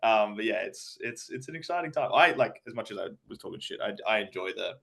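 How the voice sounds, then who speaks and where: A man's voice: on the low side, lively intonation, fast, gravelly, sharp tone. A man with an Australian accent co-hosting a casual sports podcast, ranting with frequent swearing and laughter. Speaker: podcast co-host.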